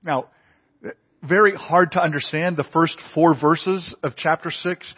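A man's voice: a little high, steady tone, a little slow, husky. A man preaching a sermon with earnest emphasis, often repeating his phrases for weight. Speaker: pastor. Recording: dull audio with long hall reverb.

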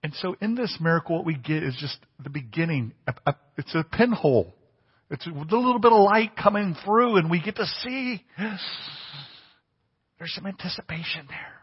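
A man's voice: on the high side, animated, normal speed, husky. A man preaching a sermon in a conversational way, asking the congregation questions. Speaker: pastor. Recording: dull lo-fi church recording with long reverb.

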